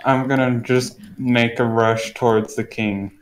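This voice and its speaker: A man's voice: medium pitch, little pitch movement, measured pace. Laid-back man with roomy echo. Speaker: player. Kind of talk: casual tabletop game play.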